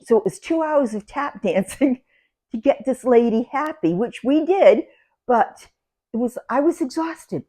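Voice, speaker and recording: An older woman, casually telling animated stories about her salon and laughing as she goes. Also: high-pitched, measured pace. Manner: animated, laughs through anecdotes, loud when acting out yelling. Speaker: salon owner. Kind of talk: casual storytelling.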